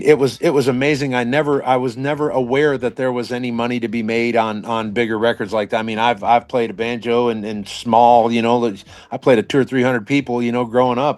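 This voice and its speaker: A man's voice: mid-range voice, a little mellow. A middle-aged male musician chatting casually as a guest, rambling and peppering his talk with "man". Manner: rambling, frequent "man", restarts and laughs. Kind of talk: casual chat.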